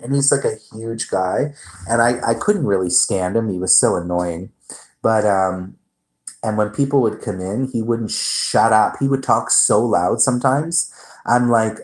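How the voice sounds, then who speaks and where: A man's voice: lowish voice, measured pace, poor audio. A man hosting his own livestream, chatting casually and telling a rambling story with some swearing. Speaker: livestream host.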